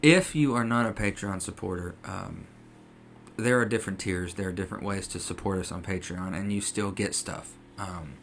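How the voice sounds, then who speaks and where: A man's voice: fairly low pitch, fairly bright tone, a little hiss or hum. A man co-hosting a casual podcast, chatty and full of ums and uhs. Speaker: podcast co-host.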